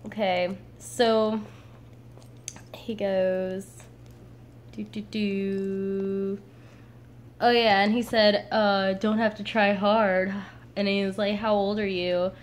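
A woman in her late teens, vlogging casually and telling a story in a chatty, animated way, full of "like" and laughter. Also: medium pitch, slow pace, a little hiss or hum.

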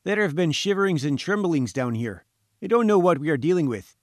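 Storybook role: man playing a gloomy, jumpy engineer, pitched high and pushed loud, blunt and grumbling, dry sound. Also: lively intonation, brisk, no echo, natural voice. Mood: uneasy. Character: gloomy, jittery male chief engineer underground.

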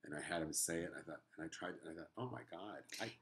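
Fast-talking, chatty male host. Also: very deep voice, flat delivery, fairly bright tone. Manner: chatty, incredulous interjections. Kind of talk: casual interview chat.

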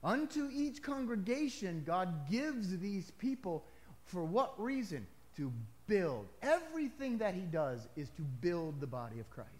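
A man's voice: sits high, big pitch swings, unhurried. A male pastor preaching a sermon to his congregation in a conversational way, with emphatic rises and casual asides.

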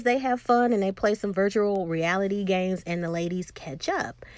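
A woman's voice: medium pitch, no room sound. A woman casually retelling a TV episode scene by scene, acting out the characters' lines as she quotes them. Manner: animated retelling with quoted dialogue. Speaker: TV episode recapper. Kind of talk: casual recap storytelling.

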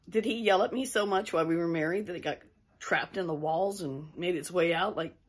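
A middle-aged woman vlogger casually tells her viewers a personal ghost story, rambling and interrupting herself along the way. Her voice sits on the low side and sounds husky.

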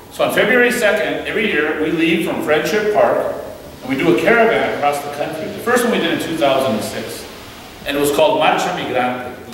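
Male speaker from Mexico, lively church talk full of acted-out dialogue, slightly high voice, picked up from far off in a reverberant hall. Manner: animated storyteller who acts out quoted dialogue, many restarts. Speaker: guest speaker. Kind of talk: storytelling talk to a church audience. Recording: echoey hall, distant mic, faint hiss.

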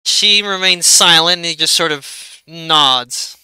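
A man narrates a tabletop game as its game master, talking loosely with lots of fillers. His voice is very bright and crisp, pitched a bit high for a man, and recorded dry and close. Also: slow, no echo, poor audio. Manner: loose and chatty, full of fillers and restarts.

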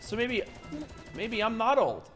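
A man livestreaming a game, chatting and joking with a young teammate, getting loud and excited in fights. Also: high voice, measured pace, music in the background. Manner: excitable, jokey, shouts during fights. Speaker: streamer. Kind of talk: casual gaming livestream chat.

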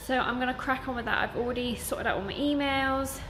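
Speaking a bit quickly in a high-pitched voice, a young woman who runs and teaches at a sewing school gives a relaxed vlog-style rundown of her week to camera. She's chatty and uses lots of fillers, with background noise throughout.

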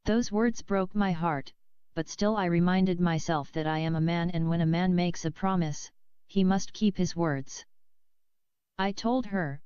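A woman reading a novel aloud in a measured, steady way, close to the mic, on a slightly dull lo-fi recording. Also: on the low side, clear, resonant tone, no echo. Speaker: audiobook reader.

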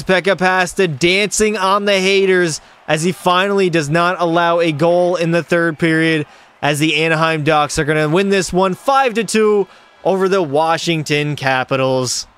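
Streamer type, young guy, slightly high smooth voice, excitable play-by-play, jokey with chat. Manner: hyped play-by-play, jokey, answers chat questions. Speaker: gaming streamer. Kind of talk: live gameplay commentary with chat.

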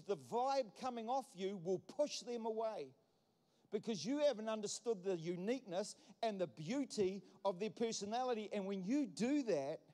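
A man's voice: high voice, dark tone. A man pastor preaching a sermon, emphatic and repetitive, building points through wordplay. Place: church hall. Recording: long church hall reverb.

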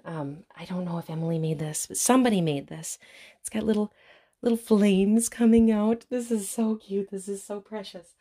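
A woman's voice: medium pitch, moderate pace. Gushing Midwestern woman unboxing at home. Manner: gushing, gasps with excitement. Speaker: vlogger. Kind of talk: unboxing vlog. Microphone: camera on tripod.

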